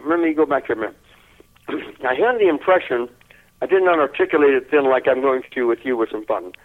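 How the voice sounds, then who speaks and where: Chuckling older man over a tinny line. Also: mid-range voice. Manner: lively, chuckling, repeats words. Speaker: interview guest. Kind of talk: anecdotal storytelling.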